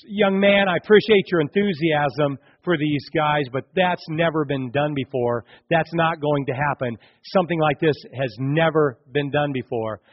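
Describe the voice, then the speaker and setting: A man voicing a stern male courtroom judge who speaks loudly and formally. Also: a little high, normal speed, hardly any pauses, lo-fi sound, lightly acted. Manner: loud, raised, commanding.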